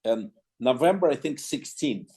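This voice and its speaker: A clarinetist guest in an interview tells an anecdote in a mellow, medium-pitched voice, speaking at a normal speed with plenty of expression. He restarts often and quotes dialogue as he goes.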